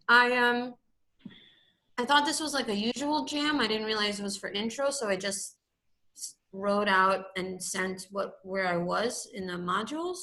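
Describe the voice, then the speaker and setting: A woman speaking as a student in an online class, hesitant and pausing often over a video call. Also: on the high side, bright, forceful tone. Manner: hesitant, with many pauses and fillers.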